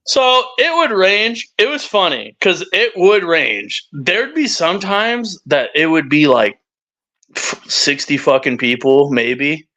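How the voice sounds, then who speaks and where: Taking it slowly, a young man with a voice on the high side guests on a live stream, animatedly sharing rowdy, profane stories in casual talk. His live-stream mic produces dull, lo-fi audio.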